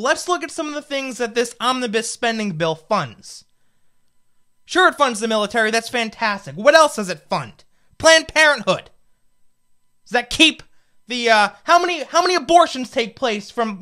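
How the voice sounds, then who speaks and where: A man's voice: extremely high pitch, sharp tone. A man in his twenties, a political commentator, delivering a fired-up, indignant opinion rant full of rhetorical questions. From United States. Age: 20s.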